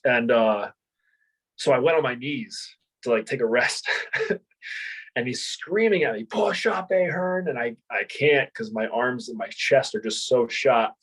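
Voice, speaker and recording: On a low-quality recording, a man in his thirties with a Marine background who now instructs martial arts tells casual interview stories at a measured pace. His medium-pitched voice is fairly bright and fairly even in intonation. He laughs, swears liberally, and rambles with frequent fillers and restarts.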